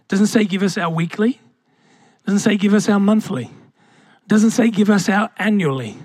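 A man's voice: sits high, normal speed, pauses often, a little mellow, no room sound, studio quality. A young man preaching a sermon as pastor, asking the congregation rhetorical questions and calling out to them.

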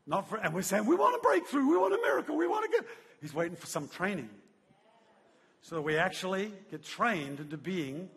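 A man preaching a sermon in a church hall, telling a story in an animated way and laughing as he goes. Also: fairly high pitch, slightly rough. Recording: long hall reverb.

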